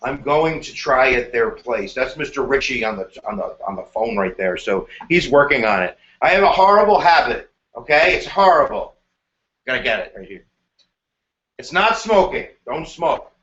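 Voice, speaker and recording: An energetic male history teacher runs a live exam review, joking as he goes. His voice sits high and bright. The live stream sounds roomy and dull, like lo-fi audio. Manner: animated, joking, slips into silly voices.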